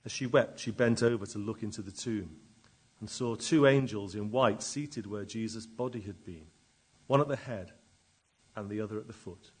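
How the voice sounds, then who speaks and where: A man delivers a sermon in a slightly husky, breathy voice. He reads scripture and then expounds on it, drawing out key words with slow pauses and swelling to loud emphasis before falling quiet again. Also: lowish voice. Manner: dramatic, wide swings in loudness, slow emphatic pauses. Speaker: preacher.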